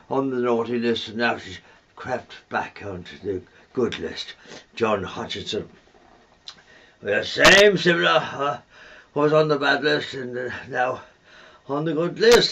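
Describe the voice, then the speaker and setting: A man voicing a jolly Father Christmas who reads out names from his good and naughty lists, booming and chuckling. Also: gravelly, pushed and bright, exaggerated voice.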